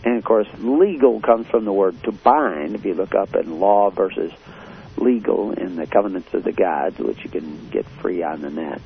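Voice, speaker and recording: Blunt preacher on a tinny line. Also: male voice, low-pitched, animated, moderate pace, vocal fry. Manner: blunt, confrontational, with many uh fillers. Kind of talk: radio sermon. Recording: tinny phone-like radio line with faint hiss.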